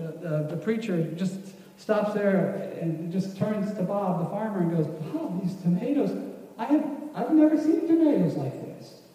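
Guy teaching a church group, high mellow voice, loose rambling talk, heard from far off in a big echoey hall. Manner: casual, rambling, many restarts. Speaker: church class speaker. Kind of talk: folksy teaching talk with a story.

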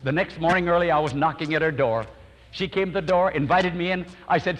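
An older male pastor telling a personal story as a fervent, lively sermon. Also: fairly high pitch, a little fast, in a large hall.

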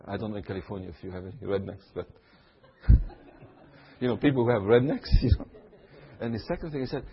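A man from Syria preaching a sermon, swinging from low asides to loud high exclamations. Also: animated, fairly quick, long pauses. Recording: long hall reverb, dull lo-fi sound.

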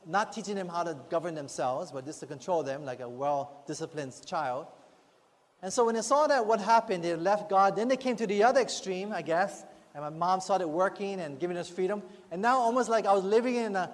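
High-voiced man preaching in a reverberant hall. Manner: earnest, conversational preaching with rhetorical asides. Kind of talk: sermon. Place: church. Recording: long hall reverb, faint music behind.

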